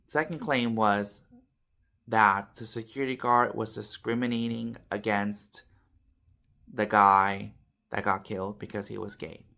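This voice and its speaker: This vlogger's voice is on the low side with vocal fry. Chatting casually to camera, he tells his viewers a story with animated loud-soft swings and tacks "you know" and "okay" onto his lines.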